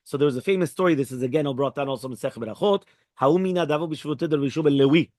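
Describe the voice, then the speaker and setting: Racing along in a darkish voice, a man leads a daily Talmud class, the Daf Yomi, blending Hebrew and Aramaic into English and voicing the dialogue at a raised pitch. The recording is dry.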